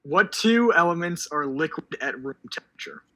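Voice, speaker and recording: A man's voice: on the high side, animated, moderate pace, bright, forceful tone, poor audio. A teenage boy co-hosting a live stream, quizzing and joking in loose, rambling banter. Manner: joking, rambling word associations. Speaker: podcast co-host.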